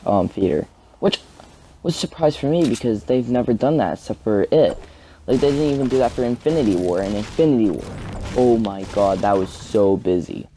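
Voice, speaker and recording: A man's voice: mid-range voice, warm tone, a little hiss or hum. A man vlogging a personal story in a casual, rambling way, full of "like" fillers. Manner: rambling, heavy use of "like" fillers.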